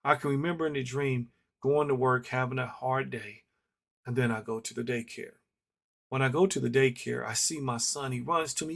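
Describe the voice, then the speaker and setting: A man's voice: medium pitch, steady tone, moderate pace, creaky, a bit bright. A middle-aged man giving an earnest, reflective personal monologue, telling a story with heavy repetition for emphasis. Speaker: vlogger. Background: faint instrumental music.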